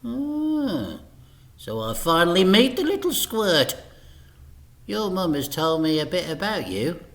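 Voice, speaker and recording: A man's voice: sits high, big pitch swings, slow pace, a bit bright, pitched above the performer's own voice, exaggerated voice. A man voicing a short, boastful male crime boss who snarls and smirks. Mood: mocking.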